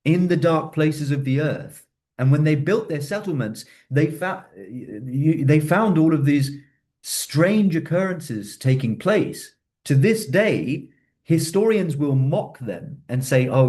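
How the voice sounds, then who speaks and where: A man giving an earnest religious lecture, slowing down to stress key words. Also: mid-range voice, a little mellow. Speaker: religious speaker.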